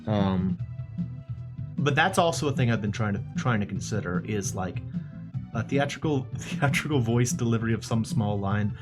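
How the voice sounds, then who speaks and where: Male streamer, playful and rambling, lively voice, guitar music behind. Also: fairly low pitch, moderate pace. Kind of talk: casual chat while drawing on stream.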